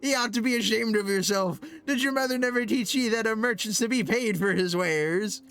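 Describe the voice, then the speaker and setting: A man's voice: high voice, normal speed, a bit bright. A man doing a ranting greedy merchant. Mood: indignant. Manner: indignant, folksy "ye" and "lad" put on. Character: blustering middle-aged male merchant, ranting and greedy. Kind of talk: reading game quest dialogue aloud.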